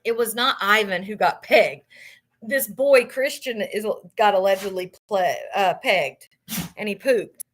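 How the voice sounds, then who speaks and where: A woman with a mid-range, slightly slow voice hosts a live book club, reading a memoir aloud casually and profanely, then reacting loudly between passages.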